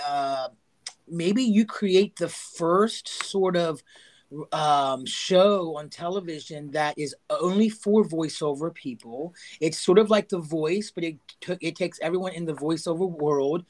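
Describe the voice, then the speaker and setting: A man's voice: on the high side, takes it slowly. A man hosting a podcast, thinking aloud in a rambling casual way with many fillers. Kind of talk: casual chat.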